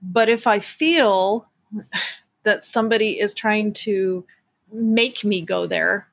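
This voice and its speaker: A woman's voice: medium pitch, takes it slowly, creaky, pauses often, fairly bright tone. A woman reporter hosting an interview, chatty and thinking aloud with lots of fillers. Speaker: podcast host and reporter. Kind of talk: interview conversation.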